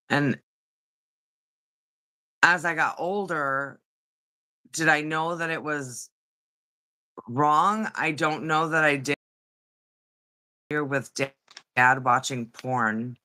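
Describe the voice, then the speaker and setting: A woman guest on a livestream, calmly and slowly recounting a painful personal story. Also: low-pitched, clean tone. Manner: slow, measured confession.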